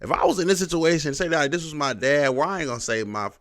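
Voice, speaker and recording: Gravelly, animated reaction host. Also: male voice, a little high, quick pace, dry recording, clean studio sound. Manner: animated, laughing, repeats himself. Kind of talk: casual reaction commentary. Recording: noisy home setup.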